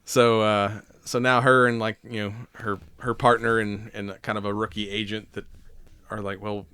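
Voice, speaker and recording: This podcast host from the Southern United States has a lowish male voice with little pitch movement, speaking at normal speed in a bright, forceful tone. He chats loosely and rambles, swearing a lot and laughing often. The sound is clean and the recording dry.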